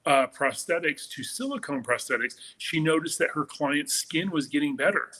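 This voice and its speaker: A man's voice: a little high, normal speed, bright, forceful tone, low-quality recording. A middle-aged man, a makeup artist, talking as an interview guest in a casual, enthusiastic and gushing way.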